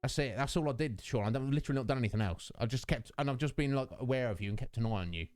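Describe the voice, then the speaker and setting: A man's voice: mid-range voice, very fast, darkish tone, no echo. A man streaming a game live, chatting affectionately with his viewers and rambling through thoughts with many restarts. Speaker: Twitch streamer.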